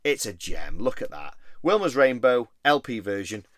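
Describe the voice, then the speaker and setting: A man's voice: medium pitch, sing-song, moderate pace, no echo, clean studio sound. A man chatting casually about his record collection, rambling and easily enthused. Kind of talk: casual show-and-tell vlog.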